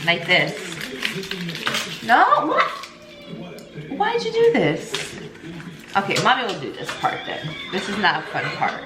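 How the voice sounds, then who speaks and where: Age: unknown. Sex: woman. Role: mom vlogger baking with her toddlers. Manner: coaxing, quick instructions, laughing. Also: medium pitch, huge pitch swings, reverberant, music in the background. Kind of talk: casual chat with her toddlers while baking. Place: home kitchen.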